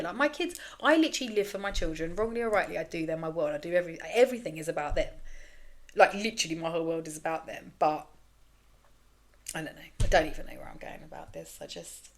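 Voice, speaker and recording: A woman's voice: fairly low pitch, fast talker. A woman in her thirties hosting a candid solo podcast, rambling frankly and self-deprecatingly, swearing freely. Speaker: podcast host.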